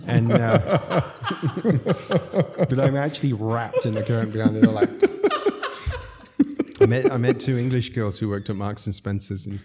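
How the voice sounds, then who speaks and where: A middle-aged restaurateur telling stories on a podcast in a relaxed, mellow voice that sits on the low side. He rambles happily from one story to the next and breaks into laughter as he tells them. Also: moderate pace, pauses often. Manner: laughs through lively anecdotes. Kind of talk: casual storytelling.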